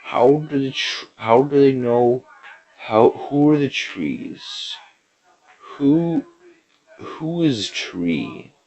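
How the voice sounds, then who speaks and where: Man putting on a confused old British nature narrator, halting, wandering, voice pushed higher. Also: animated, a little mellow, muffled recording, heavily acted. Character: elderly British male nature documentary narrator, rambling and confused.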